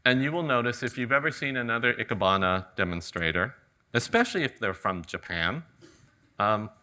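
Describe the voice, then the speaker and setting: A middle-aged man from California giving a live flower-arranging demonstration, talking in a relaxed, joking way. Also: medium pitch, brisk. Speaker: ikebana demonstrator. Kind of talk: live floral demonstration talk. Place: garden event venue with audience.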